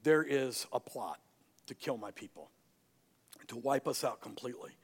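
A man voicing a timid young queen in a sermon retelling, soft and hesitant with stammers. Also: medium pitch, moderate pace, slightly rough, long reverb tail, pitched below the performer's own voice. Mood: timid pleading. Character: queen Esther, young woman, timid and pleading.

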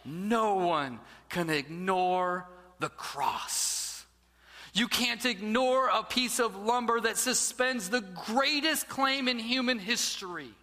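High, bright-voiced preaching man. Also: slow, big-room sound. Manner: storytelling, dramatic drops to a near-whisper. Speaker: pastor. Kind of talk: sermon.

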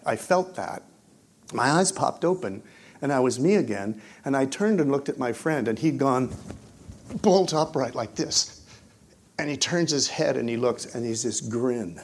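A man preaching and telling his own story, swinging between hushed moments and loud, excited bursts. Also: medium pitch, a little slow, breathy edge. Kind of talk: testimony storytelling in a sermon.

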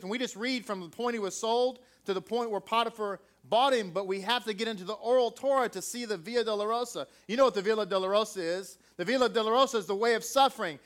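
High-pitched guy preaching, punchy, keeps asking the crowd questions. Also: a bit bright. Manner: emphatic, with many rhetorical questions. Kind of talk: sermon.

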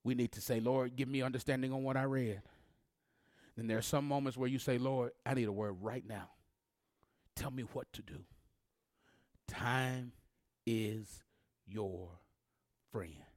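A man preaching a sermon as pastor, leading call-and-response and swinging between hushed, drawn-out lines and loud, rising ones. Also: medium pitch, steady tone, dry recording, studio quality.

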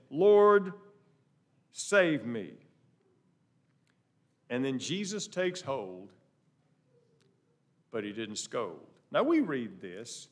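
A man preaches a sermon in a fairly high voice that leaps and dips with lively inflection. He pushes hard on key lines, then drops almost to a murmur. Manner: animated preaching, swinging from loud emphasis to soft asides. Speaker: pastor.

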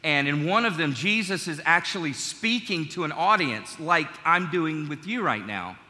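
A man's voice: a little high, animated, normal speed, bright, forceful tone. A middle-aged man preaching a sermon as pastor, in a conversational, joking way with his congregation, in a large church. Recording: long church hall reverb.

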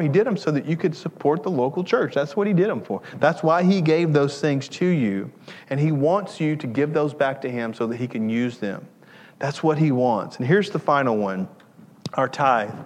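A man's voice: a little high, in a large hall. A male pastor preaching a sermon with earnest, repetitive emphasis and joking asides. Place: church sanctuary.

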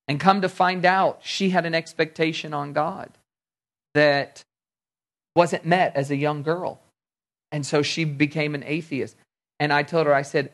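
A man preaching a sermon in a fairly high voice. He tells stories conversationally and voices the people in them as he goes. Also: steady tone, moderate pace. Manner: storytelling, conversational preaching with acted-out dialogue. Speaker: pastor.

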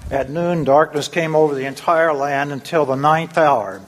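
A man reading a scripted Lenten devotion in a measured, solemn way. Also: a little high, slight background noise. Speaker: devotion reader.

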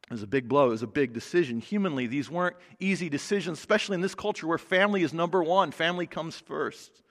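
A male pastor preaching a sermon, conversational and emphatic, often dropping soft for stress. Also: a little high, fast talker. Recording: long hall reverb.

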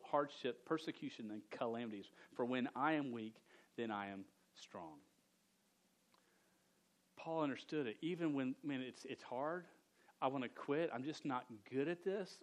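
A man preaching a sermon with a stutter, often repeating words, speaking earnestly and directly to a young audience. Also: mid-range voice.

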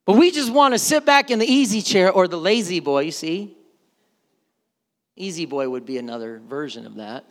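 A man preaching a sermon as pastor, animated and joking, acting out quoted voices. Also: high-pitched, moderate pace, long reverb tail.

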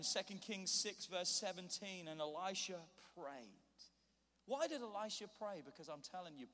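A man preaching a sermon, telling a scripture story and acting out its scenes with animated voices. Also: high-pitched, moderate pace. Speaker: pastor. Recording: long hall reverb.

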